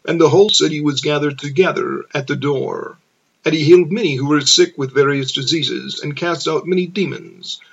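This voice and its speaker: A man reading scripture aloud as narration, slow and measured. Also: on the high side, vocal fry, slightly rough, muffled recording. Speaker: scripture reader.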